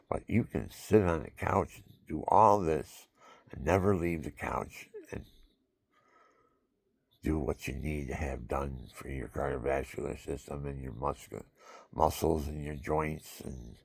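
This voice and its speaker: Out of breath on his home couch, an older man vlogs casual health talk to the camera, rambling through folksy tips and counting aloud. His rumbling low voice is creaky, husky, and a little mellow, with lively intonation, a slightly slow pace, and no room sound.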